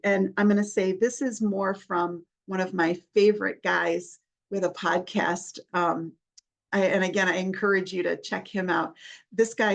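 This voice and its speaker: Slow-talking woman with a gravelly edge. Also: medium pitch. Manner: earnest, explanatory, with many restarts and acted examples. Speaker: therapist and podcast host. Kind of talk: podcast talk giving parenting advice.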